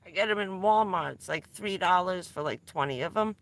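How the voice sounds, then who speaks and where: A middle-aged woman from New Jersey on a vanlife live stream, talking casually and telling rambling, excitable stories with the odd swear word. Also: lowish voice, a little fast, gravelly. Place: in or around her van.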